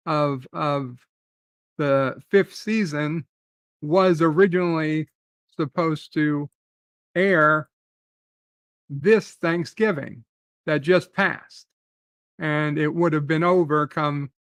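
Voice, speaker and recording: A man's voice: on the high side, fairly bright tone, dry recording, studio quality. A man hosting a live stream, ranting in a rambling, profane way and answering chat comments.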